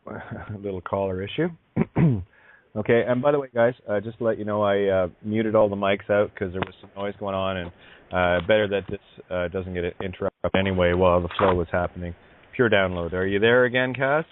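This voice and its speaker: A man's voice: fairly low pitch, steady tone, normal speed. A man hosting a radio talk show in an easygoing, chatty way, with many fillers. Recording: tinny phone-like line, dry.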